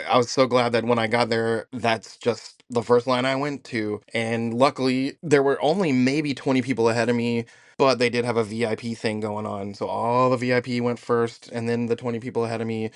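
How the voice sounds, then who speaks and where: A man hosts a casual podcast, recounting his weekend with eager enthusiasm and frequent laughter. His voice sits at a middle pitch. The recording is dry and close, with no room sound. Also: dry recording. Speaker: podcast host.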